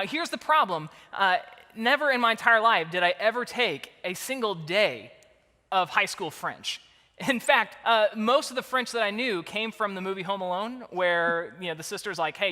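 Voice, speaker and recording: Man, pastor, high voice, lively storytelling, long hall reverb. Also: moderate pace. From Kansas City area, USA. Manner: lively, self-deprecating storyteller. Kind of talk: sermon storytelling.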